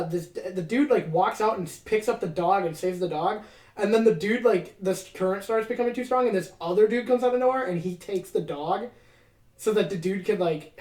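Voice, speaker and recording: A man's voice: high voice, darkish tone, roomy sound. Young male podcast co-host, casual storyteller, loose and rambling, lots of filler words. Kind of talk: casual chat.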